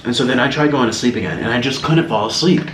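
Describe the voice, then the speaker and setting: A man vlogging a casual story while he eats, rambling and animated, with lots of restarts. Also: mid-range voice, quick pace. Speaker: mukbang vlogger. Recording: roomy echo, faint background hiss.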